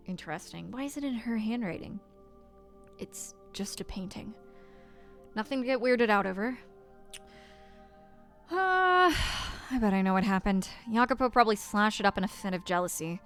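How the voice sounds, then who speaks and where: A young woman streaming a game, talking casually and hesitantly, breaking off and dropping into soft whispers. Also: medium pitch. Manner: hesitant, self-interrupting, with soft whispered asides. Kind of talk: casual gameplay commentary.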